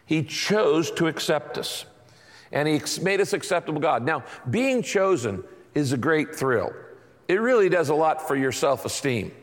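A man preaching to his congregation, his somewhat high voice carrying a long reverb through a big church hall. He tells stories in an animated way and slips into acted-out quotes. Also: normal speed. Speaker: pastor. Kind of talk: sermon.

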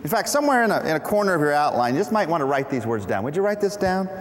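A man's voice: a little high, very animated, very fast. A middle-aged man preaching a conversational sermon, leading his congregation through Bible verses. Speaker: pastor. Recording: long hall reverb.

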